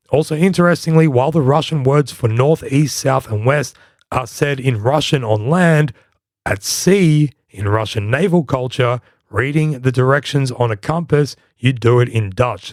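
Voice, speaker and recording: Man, podcast host, scripted history narration, wry and playful, mid-pitched voice, dry close sound. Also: normal speed, no echo.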